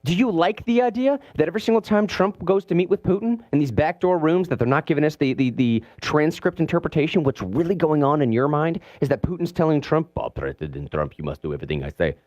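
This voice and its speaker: A man hosting a political talk radio show from a studio, animated and sarcastic, mimicking the people he talks about. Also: fairly high pitch, a little fast, hardly any pauses, no room sound. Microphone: studio mic.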